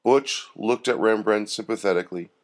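A man hosting and narrating a Christian parable story with expressive delivery. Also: lowish voice, moderate pace. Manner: expressive narration with lively intonation. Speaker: storyteller host.

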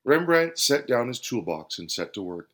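Lively male storyteller. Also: mid-range voice, normal speed. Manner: expressive, lively reading. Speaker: host and storyteller. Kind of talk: scripted storytelling.

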